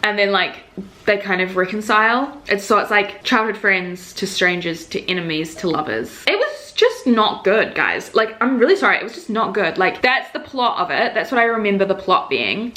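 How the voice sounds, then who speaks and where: A young woman in her twenties chatting casually as a book vlogger, full of "like" fillers and animated mock quotes. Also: medium pitch, moderate pace.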